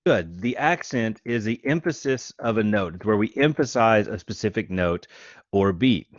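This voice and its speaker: Man teaching music, low voice, dry lo-fi sound, counts beats aloud. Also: animated, normal speed, dry recording. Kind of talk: lecture.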